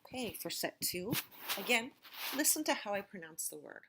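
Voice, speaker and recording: A woman teacher giving a recorded vocabulary lecture and reading word lists slowly, stressing each syllable with care. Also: medium pitch, very animated, bright, forceful tone, slightly rough. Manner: slow, careful pronunciation drills.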